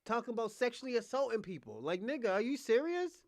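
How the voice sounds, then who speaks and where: A young adult man hosting a livestream, delivering a combative, profane rant that swings between loud outbursts and muttered asides. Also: very high-pitched, big pitch swings, fast talker, no room sound. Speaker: podcast host.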